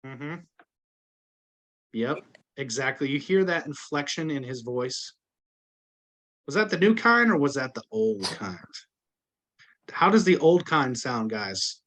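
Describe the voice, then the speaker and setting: A man's voice: fairly high pitch, a bit bright. A man giving a sales team a training talk. He speaks conversationally, addresses the group directly and keeps checking that they follow.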